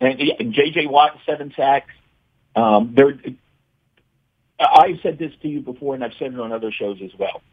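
A man's voice: medium pitch, very animated, normal speed, gravelly, long pauses, no echo. Emphatic man on a muffled line. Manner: emphatic, repeats words when starting sentences. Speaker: regular guest analyst. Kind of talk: phone-in sports analysis.

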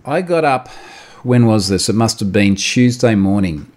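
A man's voice: fairly low pitch, lively intonation, measured pace, a little mellow. A man, a podcast host animatedly recounting a story in casual chat, often repeating words and laughing.

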